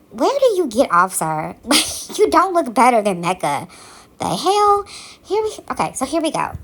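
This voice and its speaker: A woman podcast host giving a sassy, exasperated casual recap of a reality TV show. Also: medium pitch. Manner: sassy, animated, exasperated commentary.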